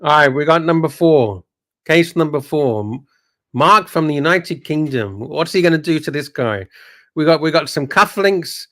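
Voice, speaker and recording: A man's voice: a little high, lively intonation, normal speed, a bit bright. A man co-hosting a livestream, bantering casually and reacting with swearing and exclamations. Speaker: livestream co-host.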